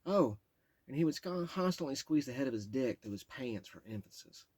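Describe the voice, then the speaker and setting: A man's voice: medium pitch, lively intonation, moderate pace, darkish tone, dry recording. A man reading his own memoir aloud, raw and profane, stumbling and stopping when memories overwhelm him.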